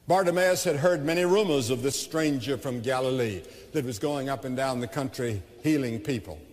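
A man's voice: on the high side, darkish tone. A man with a Southern American accent preaching a crusade sermon, telling a Bible story earnestly and rising into fervent pleas. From United States. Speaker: evangelist preacher. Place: large arena with long reverb. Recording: long echo of a large hall.

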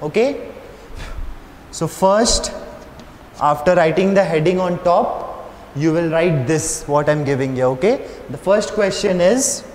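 A man's voice: sits high, animated, a little slow, pauses often, a little mellow. A male schoolteacher, giving a patient classroom lesson in front of a board and checking if the class understands. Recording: roomy echo with long reverb, faint hiss.

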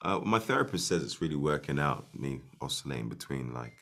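A man's voice: extremely low pitch, very animated, a little fast, a bit bright. A man, a director and actor, joking and teasing his way through a casual interview over a video call.

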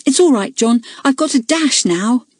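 A woman's voice: on the high side, expressive, moderate pace, slightly rough, dry recording, voice pushed up. A woman reading the part of an impulsive, eager young schoolgirl, earnest and breathless. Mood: eager apologetic.

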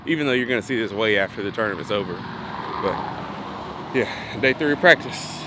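A young man films a casual fishing vlog on a lake, speaking briskly in a lowish voice but leaving long pauses as he rambles and thinks aloud with lots of fillers. The outdoor audio is noisy, with vehicles going past.

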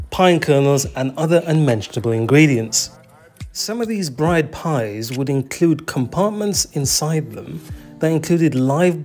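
A man narrating a travel video as its host, in a scripted but playful way that leans on the comic details. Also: fairly high pitch. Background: faint background music.

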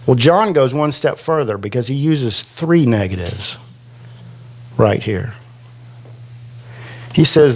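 Male pastor, unhurried conversational preacher, leans on quoted verses. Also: medium pitch, animated. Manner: slow, conversational preaching with self-deprecating asides; drags out quoted scripture for emphasis. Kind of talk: sermon. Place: church classroom.

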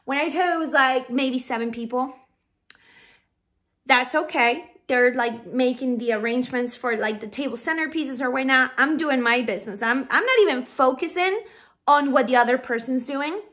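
A woman's voice: sits high, moderate pace, fairly bright tone. A young woman who runs a balloon decorating business, telling a casual storytime straight to her viewers in a chatty way.

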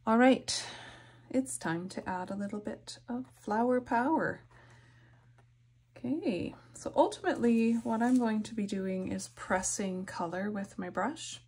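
A soft-spoken woman narrating a painting tutorial, her voice dropping to whispers as she concentrates. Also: medium pitch, unhurried, slightly rough. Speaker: art instructor.

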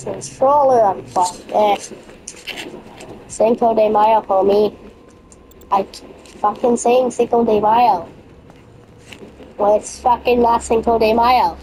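Woman gamer, slow drawl, profane self-talk, noisy background. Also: a little high. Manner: profane, joking, talks to herself. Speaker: gamer streaming a horror game. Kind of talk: casual let's-play commentary.

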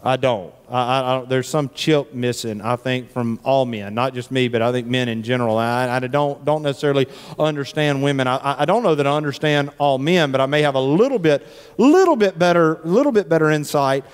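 A pastor with a mid-range, clean-toned voice preaches a sermon at a slightly quick pace, keeping it conversational and full of jokes. He often repeats words as he restarts his thoughts. The recording comes from a church sanctuary, and the hall gives it a lot of echo.

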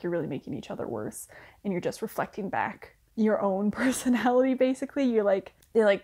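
A woman's voice: mid-range voice, darkish tone. Chatty young woman reviewer. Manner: chatty, filler-heavy with frequent "like", laughing asides. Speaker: book reviewer. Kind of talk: casual review chat.

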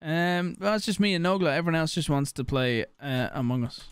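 Young guy streaming a game, kinda high voice, super bouncy, swears constantly and jokes around with chat. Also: animated, brisk, clean tone, no room sound. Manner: crude, joking, swears a lot, reads chat aloud. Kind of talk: casual live-stream commentary.

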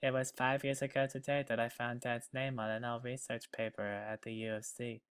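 A man's voice: lowish voice, steady tone, fast talker, fairly bright tone, dry recording, recorded from a distance, lightly acted. A man voicing a bitter, searching young woman reading her diary aloud in a put-on accent. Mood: brooding.

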